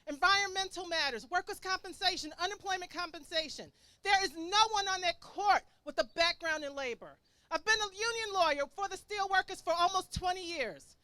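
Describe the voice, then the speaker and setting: Bright, rousing woman rally speaker. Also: very high-pitched, no room sound. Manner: rousing, leads fired-up chants. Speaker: judicial candidate. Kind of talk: rally speech. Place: outdoor rally.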